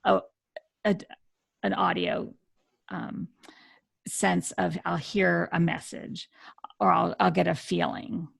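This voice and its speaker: Woman guest on a radio show, low gravelly voice, lots of restarts, dry sound. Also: sing-song, takes it slowly, long pauses, no room sound. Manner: earnest, explaining with many restarts. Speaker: dog communicator guest. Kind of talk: radio interview conversation.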